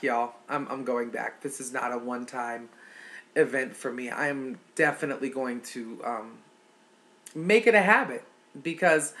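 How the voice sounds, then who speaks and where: A woman's voice: sits low, a bit bright. A middle-aged woman vlogging in a casual, heartfelt chat to her viewers, calling them y'all.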